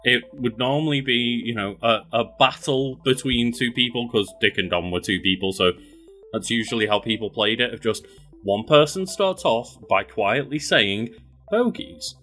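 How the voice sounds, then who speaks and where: A man's voice: mid-range voice, normal speed, bright, forceful tone, soft background music. A man co-hosting a casual chat show, explaining things with dry asides and easy laughs. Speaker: podcast co-host.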